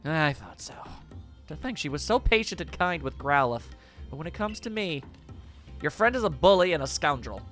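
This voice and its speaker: A man's voice: on the high side, big pitch swings, moderate pace, fairly bright tone, faint music behind, pitched above the performer's own voice. A man voicing an earnest young woman clan leader, in a plaintive, earnest way.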